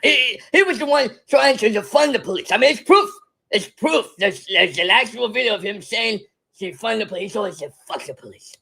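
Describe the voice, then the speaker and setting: A performer puts on a drunk older stateswoman who stumbles through every sentence, stammering, giggling and losing her thread. The voice leaps all over the place and rings bright and sharp, with a husky, breathy edge. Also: medium pitch, lively intonation, fairly quick, exaggerated voice. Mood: rambling. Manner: stammering, many false starts and giggles. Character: rambling tipsy older female politician, stammering. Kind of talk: comedic impression monologue.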